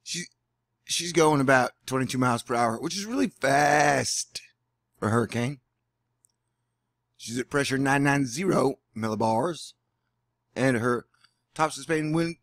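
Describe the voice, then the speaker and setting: A man's voice: medium pitch, normal speed, pauses often, no echo, clean studio sound. A man in a casual weather vlog at home, talking in a sarcastic, rambling way. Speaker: weather vlogger. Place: indoors at home.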